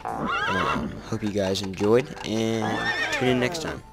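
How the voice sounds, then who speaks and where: Young male gamer, low pitch; rambling, breathless playthrough commentary over loud game music. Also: lively intonation, slow pace, vocal fry. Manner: casual, rambling, with frequent ums. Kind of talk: let's play commentary.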